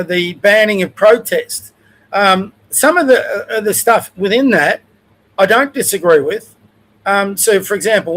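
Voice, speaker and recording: A man's voice: high-pitched, fairly bright tone, low-quality recording. An older Australian man hosting a livestream, giving blunt, conversational opinions in a casual rant. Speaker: livestream host.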